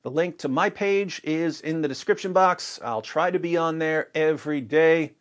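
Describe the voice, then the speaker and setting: A man's voice: a little high, moderate pace. A man hosting his own video channel, delivering emphatic, argumentative commentary straight to the camera. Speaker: video host.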